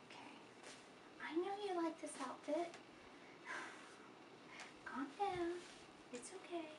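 A woman filming a casual home vlog, talking to the camera and soothing a baby in soft, repetitive baby talk. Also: very high voice, drawn-out words. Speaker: mother vlogger. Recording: roomy echo, distant mic, background noise.

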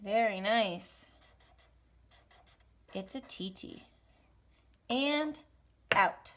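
A woman's voice: a little high, sing-song, fairly bright tone. Sing-song woman teaching young children. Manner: slow, encouraging, sing-song rhythm drills. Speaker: music teacher. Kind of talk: virtual lesson for young children. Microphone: home recording for an online class.

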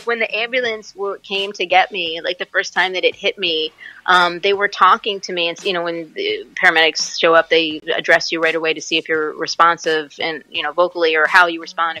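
A woman in her forties, an actress and musician, telling stories in a casual interview, animated and laughing often. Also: fairly low pitch, no echo, low-quality recording. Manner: animated storyteller, laughs often, acts out quotes.

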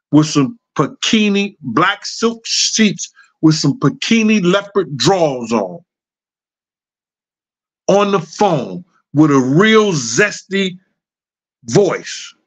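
A man's voice: a little high, lo-fi sound. A middle-aged man hosting a show, telling casual anecdotes in a loose, repetitive, chuckling way. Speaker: host. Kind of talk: casual storytelling.

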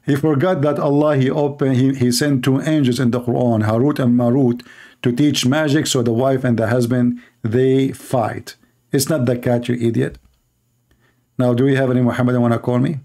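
A man's voice: medium pitch, flat delivery, moderate pace, mellow. A man hosting a live stream, mocking and sarcastic, in broken English. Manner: sarcastic, mocking, non-native English grammar. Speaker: debate stream host.

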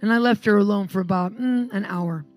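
A woman's voice: medium pitch, brisk, soft background music. A woman preacher telling healing stories and praying at a live church meeting, emphatic and commanding. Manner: animated, emphatic storyteller, commanding in prayer. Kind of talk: sermon with storytelling and healing prayer.

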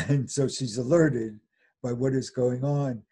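An older man with a mellow, slightly husky voice tells a folk tale as an interview guest. He chuckles often and briefly acts out the characters' lines as he goes. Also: medium pitch, fairly even intonation, measured pace. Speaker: fairy tale scholar guest. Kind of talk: animated storytelling in interview.

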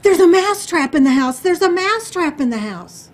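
A woman voicing a small, frantic mouse in a told story, crying out in a squeaky, urgent voice. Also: very animated, normal speed. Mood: panicked. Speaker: Toastmasters speaker.

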